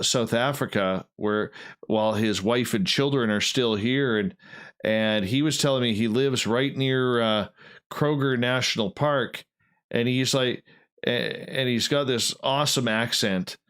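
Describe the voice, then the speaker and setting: A man's voice: medium pitch, a bit bright, smooth. Rambling male radio show host. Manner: rambling, with frequent restarts and fillers. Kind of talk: casual radio chat.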